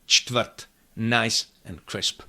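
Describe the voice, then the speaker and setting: Man slowly teaching pronunciation, drilling sounds. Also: lowish voice, fairly even intonation, bright, forceful tone. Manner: demonstrates sounds by slow repetition, dry humor. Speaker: Czech language teacher. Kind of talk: pronunciation lesson.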